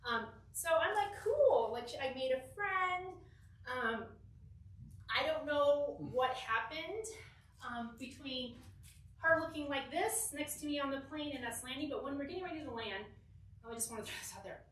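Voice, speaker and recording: Young woman, storytelling, fairly high voice, giggly, echoey church hall, recorded from afar. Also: normal speed, distant mic, a little hiss or hum. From Southern California. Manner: animated, giggly, acts out quotes. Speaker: youth group speaker. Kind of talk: casual storytelling talk.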